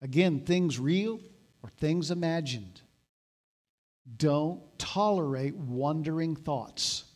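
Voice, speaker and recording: A man preaching a sermon, moving between loud emphatic exhortation and calm explanatory teaching. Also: a little high, slow pace. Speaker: pastor.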